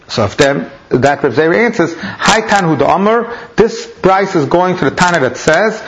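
A man teaching a Talmud lesson, explaining each step and weaving in Hebrew and Aramaic terms. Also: a little high. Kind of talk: Talmud lecture. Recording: dull lo-fi recording.

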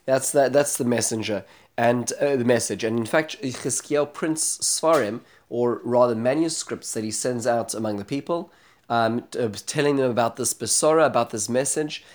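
A man teaching a scripture class in a lively, animated way. His voice sits at an ordinary middle pitch. He often stops, restarts and corrects himself as he explains. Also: moderate pace. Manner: animated, dramatic when retelling speeches; frequent restarts and self-corrections. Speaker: Bible teacher. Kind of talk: spoken lecture on scripture.

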